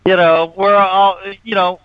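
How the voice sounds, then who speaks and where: A man's voice: high voice, flat delivery, unhurried, clean tone, no room sound, dull audio. A man co-hosting a morning radio show, ranting bluntly and profanely in casual banter.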